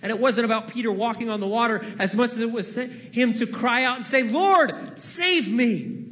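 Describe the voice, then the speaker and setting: A man preaching a sermon as pastor to his church, dramatic, moving between loud pleading and hushed, near-whispered lines. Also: very high voice, flat delivery, quick pace, in a large hall. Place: church sanctuary.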